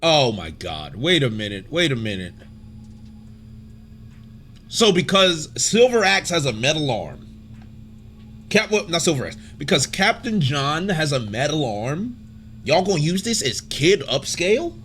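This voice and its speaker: Excitable man reacting to a comic. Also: on the high side, measured pace, pauses often, a little hiss or hum. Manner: excitable, laughs often, slangy. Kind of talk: casual reaction commentary reading a comic aloud.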